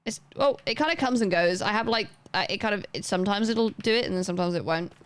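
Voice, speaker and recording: A woman's voice: medium pitch, lively intonation, fast talker, clear, resonant tone, no room sound. A young woman livestreaming a game, chatting casually and rambling as she plays and talks to her chat.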